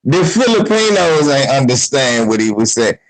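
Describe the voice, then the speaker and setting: A man hosting a live stream, telling a rambling story in a casual, animated way with some swearing. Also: mid-range voice, normal speed, poor audio.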